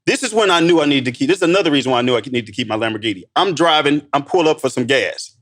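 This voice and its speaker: A man from Missouri, a podcast guest telling stories in a casual, animated way and calling the host bro. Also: mid-range voice, racing. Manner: animated, says bro a lot. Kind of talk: casual storytelling.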